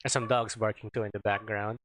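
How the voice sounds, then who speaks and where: A man's voice: fairly low pitch, little pitch movement, fairly quick, a bit bright, dry recording. A man streaming a game, chatting casually and rambling as he searches for words. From Philippines. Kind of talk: casual gameplay chat.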